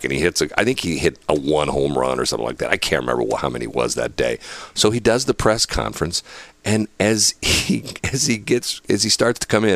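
A man telling stories in a casual, animated way, laughing as he goes and acting out what other people said. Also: extremely low pitch, dry recording. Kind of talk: casual storytelling chat.

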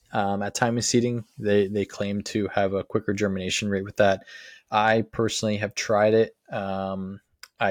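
Flat, deep-voiced man explaining casually. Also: no echo, studio quality. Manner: relaxed, filler-heavy explaining. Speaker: podcast co-host. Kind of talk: casual how-to chat.

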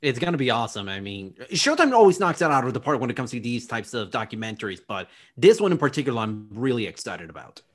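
Lively young man in his twenties. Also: medium pitch, fast talker, few pauses. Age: 20s. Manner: excitable, informal with fillers. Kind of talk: casual podcast chat.

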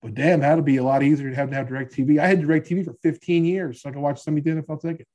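A man's voice: on the high side, fairly even intonation, quick pace, darkish tone. Middle-aged guy shooting the breeze about football, jokey, keeps restarting sentences. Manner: chatty, joking, trails off and restarts. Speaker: podcast co-host. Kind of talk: casual sports chat.

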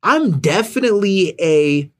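Lively guy on a podcast, voice swings up and down, lots of like and you know. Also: high-pitched, measured pace. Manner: animated, rambling with many fillers. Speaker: podcast co-host. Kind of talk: casual podcast chat.

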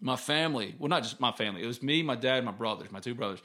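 A man's voice: mid-range voice, animated, quick pace, bright, forceful tone. A man, hosting a casual sports podcast and telling stories in a candid, rambling way. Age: 30s. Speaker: podcast host.

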